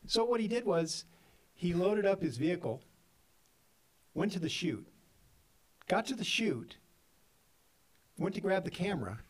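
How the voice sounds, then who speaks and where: A man's voice: measured pace, long pauses, husky. A man casually telling funny work stories on a podcast, acting out what people said. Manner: animated, acts out quotes with big pitch jumps and laughs. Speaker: podcast co-host, filmmaker. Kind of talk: casual storytelling chat.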